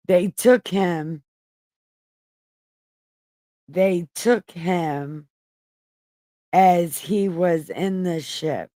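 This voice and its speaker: On a livestream, a woman with a lowish, warm voice reads the Bible casually, drawing out words and pausing often in a dry recording. She's irreverent, swearing in her paraphrases, correcting herself and rambling to a chat that's empty.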